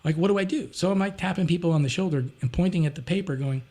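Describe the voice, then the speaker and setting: A man talking as a podcast guest, telling a long story in an animated, rambling way and acting out other people's voices. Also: high-pitched, fast. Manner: rambling, with frequent restarts and "you know". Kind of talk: casual anecdote storytelling.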